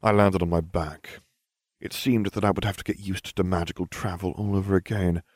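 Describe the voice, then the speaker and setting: A man's voice: sits low, steady tone, fairly quick, no room sound, studio quality. A man narrating a first-person fantasy story aloud with wry storytelling. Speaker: audiobook narrator.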